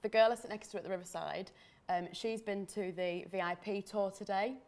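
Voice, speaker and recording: A woman's voice: medium pitch, steady tone, brisk, a little mellow. A woman guest on a fan show, telling her story in a chatty, good-humoured way. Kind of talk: casual interview chat.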